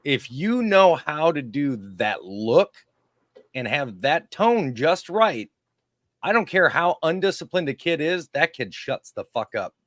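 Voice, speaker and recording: A man co-hosting a podcast recounts crude tales in easygoing conversation, voicing the characters in animated, put-on impressions. His voice is on the high side and unhurried, recorded cleanly in a studio with no echo.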